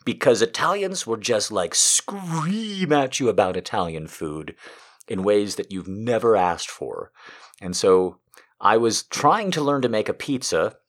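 Lively, low-voiced man ranting comically. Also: measured pace. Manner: profane, ranting storyteller; sarcastic asides to the listener. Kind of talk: comedic monologue.

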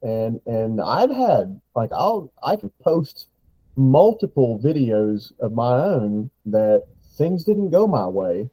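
Male vet on a podcast, halting, repeats himself, mellow voice, dry sound. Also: medium pitch, very animated, husky, dry recording, low-quality recording. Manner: halting, repeats words while storytelling. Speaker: podcast guest, veterinarian and deer hunter. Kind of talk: casual podcast interview.

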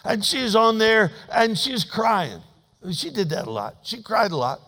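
A pastor with a high-pitched voice preaches a sermon as folksy, humorous storytelling at a measured pace, his pitch swinging widely. He alternates between emphatic, raised declarations and quiet asides, each phrase fading into the long reverb of a large church sanctuary.

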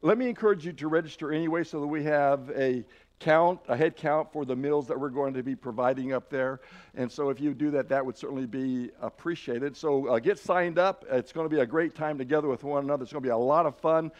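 A man's voice: on the high side, brisk, darkish tone, dull audio. A man preaching a sermon in an earnest, encouraging way, often restarting his phrases.

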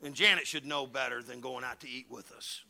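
Gravelly, bright-voiced pastor preaching. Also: male voice, mid-range voice, brisk. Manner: animated, joking with the congregation, swings between loud and hushed. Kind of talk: sermon. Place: church hall.

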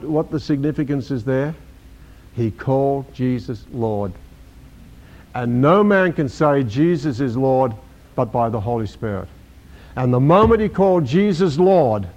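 A man's voice: mid-range voice, dark tone. An older man preaching a sermon, emphatic, repeating key words and acting out the scripture he quotes. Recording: dull lo-fi recording.

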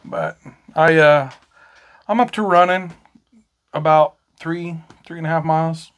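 A man's voice: a little high, unhurried, a bit bright. A man in his thirties, co-hosting a podcast at home, chatting casually and telling stories with plenty of swearing. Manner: swearing, storytelling. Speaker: podcast co-host. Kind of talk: casual chat.

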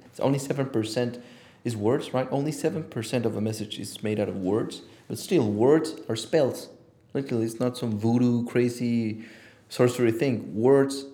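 Man, podcast guest, intense and profane, acts out quotes, mid pitch. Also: warm tone. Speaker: podcast guest, image consultant. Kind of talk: casual interview talk.

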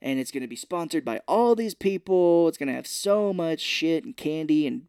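A man co-hosting a podcast, retelling a film scene by scene in casual chat and slipping into quick voices for the characters. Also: a little high, expressive, darkish tone, clear, resonant tone, dry recording, clean studio sound. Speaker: podcast co-host. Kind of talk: casual movie recap chat. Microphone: podcast microphone.

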